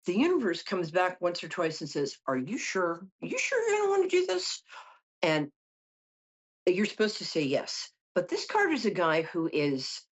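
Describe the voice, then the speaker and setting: Chatty New psychic woman, husky voice. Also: lowish voice, muffled recording. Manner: chatty, joking asides. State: tired from no sleep. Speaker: psychic host. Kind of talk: casual tarot reading on call-in show.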